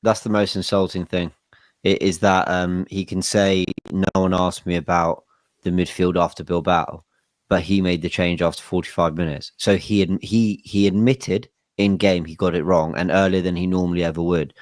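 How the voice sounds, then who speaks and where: Deep-voiced fan panel guy, calm and reasoned, dry. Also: normal speed, no echo. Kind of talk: heated panel talk.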